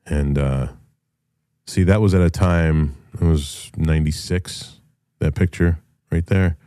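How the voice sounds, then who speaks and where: A man's voice: very deep voice, takes it slowly, mellow, smooth, no room sound, studio quality. A middle-aged man, a rock musician hosting a show, talking in a casual solo monologue, blunt, profane and passionate, rambling with restarts.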